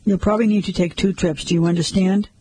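A coolly controlling woman who stays calm and gives firm orders, read by a man. The tone is husky and mellow. The sound is dry and close. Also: sits high, fast, no echo.

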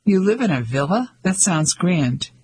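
A polite, easygoing young English gentleman with an upper-class chattiness, read by a male narrator in a fairly high voice. Relaxed storybook dialogue. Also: unhurried, slight background noise.

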